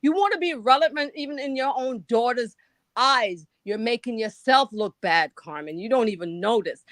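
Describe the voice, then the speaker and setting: A woman ranting on a live stream, loud, blunt and profane, swinging from a low grumble to shrieks. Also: animated, moderate pace, no echo. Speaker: guest caller on a live stream. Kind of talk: heated live-stream rant.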